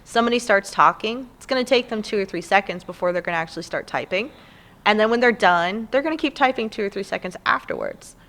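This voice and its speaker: A woman's voice: mid-range voice, fast. A woman in her thirties with a Southern US accent, chatting as a podcast guest and telling long, rambling stories. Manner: rambling, animated storyteller. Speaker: guest, community theatre actor. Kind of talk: casual podcast chat.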